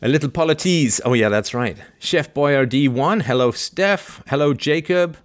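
A man hosting a livestream, chatting playfully, joking and laughing as he reads out viewer greetings. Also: moderate pace. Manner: animated, jumps between high and low pitch. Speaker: host.

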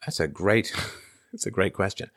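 A husky, low voice at normal speed with a fairly bright tone belongs to a middle-aged Canadian man hosting a casual livestream. He reads viewers' super chats and comments aloud and answers them conversationally, um-ing and uh-ing often. The recording is dry and studio quality.

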